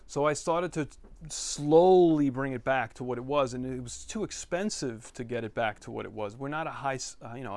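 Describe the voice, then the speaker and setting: A middle-aged chef talks to an audience in a bookstore, telling stories in a loose, rambling way. He restarts his sentences often and adds little asides. His voice sits in a mid range for a man. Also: mid-range voice. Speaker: chef giving a talk at a bookstore. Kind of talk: storytelling talk to a live audience.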